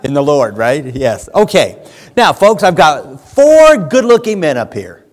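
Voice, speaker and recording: A man preaching a lively sermon in a church, animated, shouting at times as he acts things out. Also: a little high, a little slow. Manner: animated, shouts when acting out a fan. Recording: church hall with long reverb.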